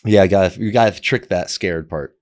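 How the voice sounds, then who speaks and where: A man hosts a podcast with a fairly low voice and an easygoing, chatty manner. He banters loosely with his guest and laughs readily. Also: a little fast. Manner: relaxed and chatty, laughs easily. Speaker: podcast host. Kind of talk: casual conversation.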